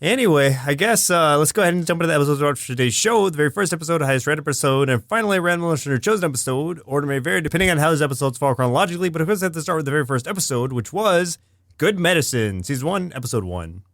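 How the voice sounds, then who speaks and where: A man co-hosting a cartoon podcast, talking in a relaxed, drawn-out way with many fillers. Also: a little high, dry recording, clean studio sound. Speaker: podcast co-host. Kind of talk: casual chat about cartoons.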